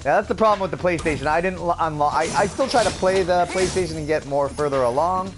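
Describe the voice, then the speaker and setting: A man's voice: fairly high pitch, quick pace, over music. A man from Canada chatting upbeat with viewers as a gaming streamer, laughing often. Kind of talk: casual let's-play commentary.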